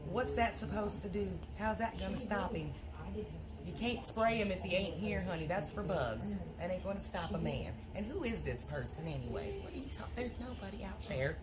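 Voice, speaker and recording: A woman's voice: medium pitch, animated, moderate pace, over a noisy crowd, pitched below the performer's own voice, close to an everyday voice. A woman voicing a blunt, scoffing adult female friend in a comedy sketch, with an exasperated, drawling, scolding manner.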